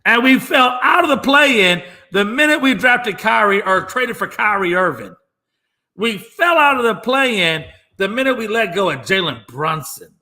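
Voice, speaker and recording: A man's voice: high voice, lively intonation, a little slow, bright, forceful tone. A man hosting his own sports talk show alone, ranting emphatically and mockingly, repeating lines for effect. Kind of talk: solo sports talk rant.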